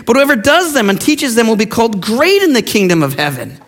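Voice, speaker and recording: A man's voice: very high voice, sing-song, brisk. A middle-aged man preaching a sermon as pastor, emphatic and mocking as he acts out quoted voices. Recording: long hall reverb.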